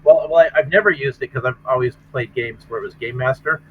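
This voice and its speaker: A man's voice: mid-range voice, fast talker, breathy edge, phone-quality sound. A man running a tabletop game, chatting casually and restarting and repeating words as he goes. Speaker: game master and game designer. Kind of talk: casual chat between tabletop players.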